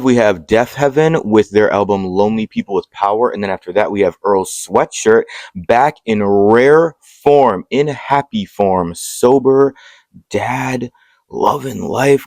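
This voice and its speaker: Excitable young man counting down albums. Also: on the low side, a little slow, no echo. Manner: excitable, swears freely, jokey asides. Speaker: music video host.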